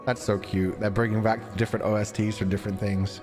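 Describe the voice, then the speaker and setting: A man commentating a game on a livestream, excitable and laughing, swearing freely. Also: lowish voice, a little fast, over music. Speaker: streamer.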